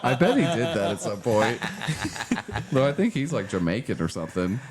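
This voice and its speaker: A man's voice: fairly low pitch, very animated, moderate pace, over a noisy crowd. A man co-hosting a casual podcast, laid-back and telling stories. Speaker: podcast co-host. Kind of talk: casual chat.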